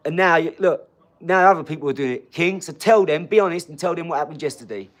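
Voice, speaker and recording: On a casual livestream, a man in his 40s responds to viewers' comments at a quick pace in a voice on the high side. He's blunt, swears, and laughs frequently as he goes.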